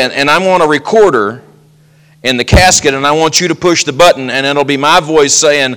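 A man's voice: on the high side, moderate pace, a bit bright, clean tone. A male pastor preaching a sermon in a folksy way, full of joking asides.

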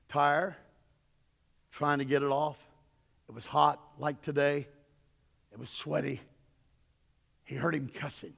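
A man preaching a sermon, telling stories, his voice swelling loud and high and then dropping low. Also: little pitch movement, slow pace, gravelly, long pauses, long reverb tail. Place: church sanctuary.

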